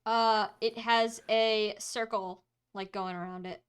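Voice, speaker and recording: A woman's voice: mid-range voice, fairly even intonation, takes it slowly, smooth. A woman running a tabletop game as game master, chatty and giggly, describing items and scenes with lots of filler words.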